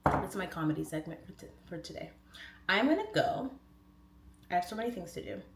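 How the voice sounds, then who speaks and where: A woman's voice: lowish voice, animated, fairly quick, vocal fry, a little hiss or hum. A woman in her thirties hosting her own livestream, telling comic stories in a chatty, rambling way with laughing asides. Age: 30s. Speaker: livestream host. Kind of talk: casual chat, comic storytelling. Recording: echoey room.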